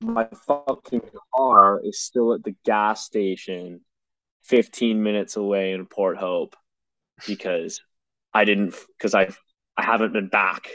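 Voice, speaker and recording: A man's voice: on the low side, slow pace, a bit bright, no room sound. Fed-up man ranting, lots of swearing. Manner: exasperated, swears a lot, rambling with restarts. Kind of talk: casual storytelling chat.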